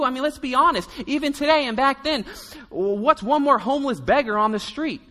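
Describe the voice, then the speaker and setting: A man with a high, bright voice preaches a sermon, telling the story in a loose, chatty way and slipping into the voices of its people. His words ring out through a hall with a long reverb. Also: very animated, normal speed. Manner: storytelling, conversational, acts out quotes. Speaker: pastor.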